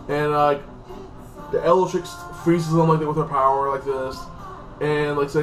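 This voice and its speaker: At a moderate pace and in a level tone, a man with a somewhat high voice gives a loose, rambling episode recap as a TV show reviewer, constantly saying "like this" and "freaking." Faint music, a far-off mic, and an echoey room color the recording.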